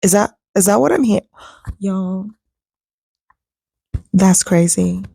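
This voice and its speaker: A woman's voice: mid-range voice, takes it slowly, vocal fry, warm tone, breathy edge, no room sound, clean studio sound. A woman hosting a casual reaction commentary, talking to her viewers in a chatty way. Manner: chatty, addresses viewers as y'all. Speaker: host.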